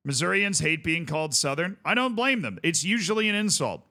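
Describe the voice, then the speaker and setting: A man's voice: a little high, very animated, fairly quick, sharp tone. A man streaming a game, chatting casually with viewers in rambling, jokey asides. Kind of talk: casual gaming stream chat.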